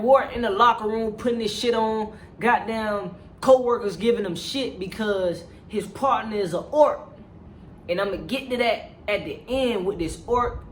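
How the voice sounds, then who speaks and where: A movie reviewer giving a casual, animated recap, profane and slang-heavy, with constant check-ins to the audience. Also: medium pitch, a little hiss or hum.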